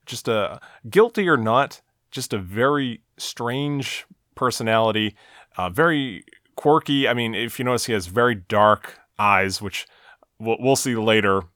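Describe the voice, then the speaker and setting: A man's voice: mid-range voice, measured pace, a bit bright, dry recording, studio quality. A man co-hosting a podcast, recapping a TV episode in casual chat with a wry, chuckling manner and frequent fillers.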